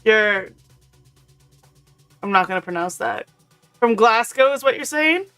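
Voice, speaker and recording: A woman's voice: fairly high pitch, animated, a little slow, a bit bright, smooth. A woman streaming a video game, chatting casually with her viewers and her pet, laughing often. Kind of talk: casual chat while gaming. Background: faint intro music.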